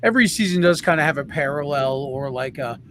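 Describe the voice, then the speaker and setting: Man, co-host, casual chat, lively anecdotes, high pitch. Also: fast talker, noisy background. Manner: enthusiastic anecdotes with bits of voices.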